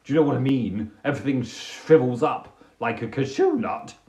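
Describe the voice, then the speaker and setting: A man hosting a casual livestream, telling stories in an animated, theatrical way on a phone microphone. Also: medium pitch, normal speed. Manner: animated, theatrical storytelling with put-on voices. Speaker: livestream host.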